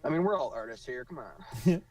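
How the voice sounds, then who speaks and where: A man's voice: medium pitch, very animated, darkish tone, dry recording. Chatty guy cracking jokes on a podcast, mic a bit far off. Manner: chatty, joking, quick asides. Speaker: podcast co-host. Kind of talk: casual chat.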